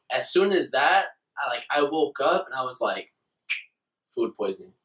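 A man's voice: medium pitch, expressive, normal speed, a bit bright, far from the mic. A young man telling crude stories in casual chat, laughing and acting out his own reactions. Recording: roomy sound from off the mic.

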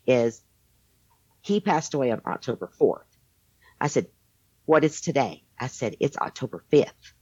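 A woman with a low voice tells a story in a loose, rambling way, with plenty of fillers and restarts. The sound is dull and lo-fi, dry with no room echo. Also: husky. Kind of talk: casual storytelling.

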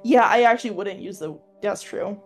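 A player with a mid-range voice talks casually during a tabletop game. They ask about rules and gear in a relaxed way. Faint music plays in the background. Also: mid-range voice, moderate pace. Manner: casual, asks rules questions.

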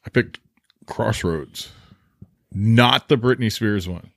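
A man's voice: fairly low pitch, slow pace, creaky, a bit bright, dry recording, clean studio sound. A man co-hosting a movie podcast, talking casually in an easygoing way and laughing often. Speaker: podcast co-host. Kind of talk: casual chat.

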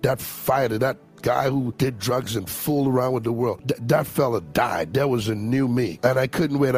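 A man giving an emotional testimony and fervent prayer as an evangelist guest, swinging from hushed, tearful words to loud declarations. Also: mid-range voice.

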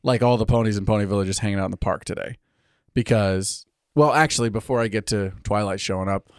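A man from California co-hosting a casual podcast about a cartoon, animated and sweary, recording in a tiny studio. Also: lowish voice, fast talker, clear, resonant tone, dry recording. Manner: animated, swears, acts out characters in quotes. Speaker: podcast co-host. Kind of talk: casual chat. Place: tiny studio on a wind farm.

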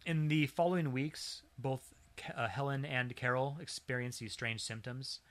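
A man's voice: medium pitch, steady tone, normal speed. A man co-hosting a podcast, casually recounting a strange story with dry humor. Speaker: podcast co-host.

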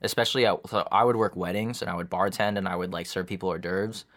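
Man in his twenties, low voice, rambling, casual swearing, filler-heavy chat. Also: fairly even intonation, quick pace, fairly bright tone. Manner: rambling, profane, many fillers.

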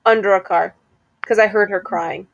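A young woman chatting casually as a podcast co-host, playful and quick to laugh. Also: mid-range voice, steady tone, vocal fry, no room sound, highs cut off. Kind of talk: casual chat.

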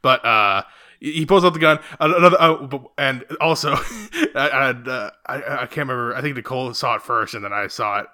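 A young man tells a movie plot to his co-hosts in a loose, animated way, often breaking into laughter. His voice is bright and forward, at an ordinary middle pitch. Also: a little fast. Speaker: podcast co-host. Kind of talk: casual movie recap chat.

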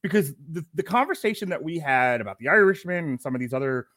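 A man co-hosting a casual film review podcast, animated, laughing often and swearing freely. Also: fairly high pitch, fast, no echo, studio quality. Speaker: podcast co-host.

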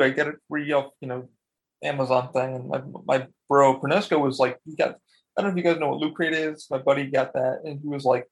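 Fast-talking gravelly man, swearing freely. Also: medium pitch. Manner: rambling, excitable, swears a lot, acts out quotes. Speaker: podcast co-host. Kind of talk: casual chat.

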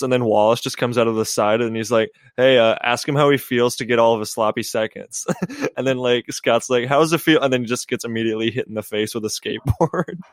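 A man's voice: medium pitch, clean tone, no echo. Male podcast co-host, mid-range voice, dry sound, lots of "um"s and laughs while recounting scenes. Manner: retells movie jokes with many fillers and laughs. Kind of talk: casual chat. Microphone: video call.

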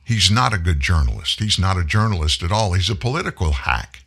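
A man's voice: deep voice, big pitch swings, brisk, fairly bright tone, husky. Emphatic folksy man. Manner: folksy, emphatic, preachy, addresses listeners as folks. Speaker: talk show host. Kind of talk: political commentary monologue.

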